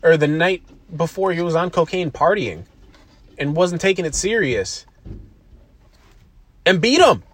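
Expressive and a little high, this man speaks at a normal speed while hosting a solo podcast in a loose, casual style. Rambling from tangent to tangent, he's profane and self-deprecating throughout.

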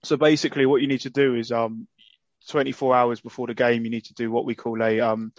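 A man chats cheerfully as a podcast co-host, filling his talk with ums. His voice sits at a middle pitch. The audio is dull and lo-fi, like a call line, and very dry. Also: flat delivery, a little fast, no echo. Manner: chatty, many ums, cheerful. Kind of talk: casual podcast chat.

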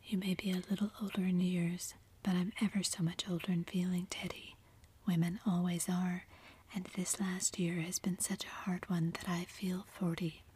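A woman voicing a gentle, wistful young woman who speaks in a kind, reassuring tone, in whispered role-play. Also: on the low side, level tone, normal speed, a little hiss or hum, close to an everyday voice.

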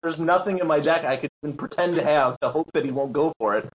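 A man's voice: fairly high pitch, fast talker, muffled recording. A man telling a story in a casual podcast chat, acting out what others said and laughing often. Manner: animated, acts out quotes, laughs often. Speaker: guest, Magic tournament player.

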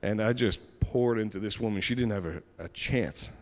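Man telling an animated faith testimony. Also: on the low side, normal speed. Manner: lively retelling with many restarts and acted-out dialogue. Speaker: church member giving a testimony. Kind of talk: personal testimony storytelling.

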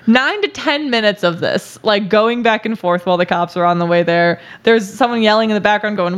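A woman's voice: medium pitch, brisk, few pauses. A woman hosting a podcast, telling a story in a casual, chatty way, laughing often and using many filler words. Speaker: podcast host.

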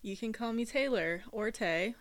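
A woman's voice: on the high side, moderate pace, no echo. A woman co-hosting a casual podcast, giving dry, understated short replies. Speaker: podcast co-host. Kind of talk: casual chat.

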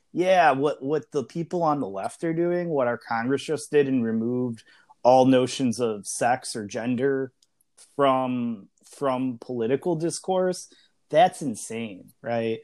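A man's voice: medium pitch, measured pace, a little mellow. A man in his early thirties co-hosting a podcast discussion, talking conversationally with frequent fillers and restarts. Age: early 30s. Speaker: podcast co-host.

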